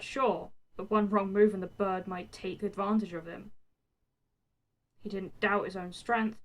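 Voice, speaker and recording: A woman reading a fan fiction story aloud, with expressive narration. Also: mid-range voice, low-quality recording. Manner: expressive, swears in the text freely.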